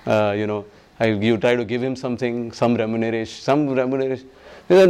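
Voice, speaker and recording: A man giving a devotional class on scripture, emphatic and repetitive, who acts out the people he quotes and chants verses slowly. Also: mid-range voice, a little mellow, smooth. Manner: emphatic, repeats phrases, acts out quoted speakers.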